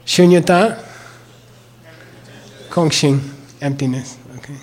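Slow, deliberate older male teacher. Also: fairly high pitch, darkish tone. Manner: slow and deliberate, repeats words and checks with "okay?". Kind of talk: mantra lesson, spelling out words.

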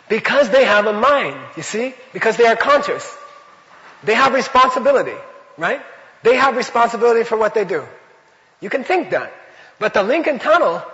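A man's voice: high-pitched, a bit bright, in a large hall, lo-fi sound. A man teaching a Buddhist class in a loose, conversational way, full of rhetorical questions and repeated phrases.

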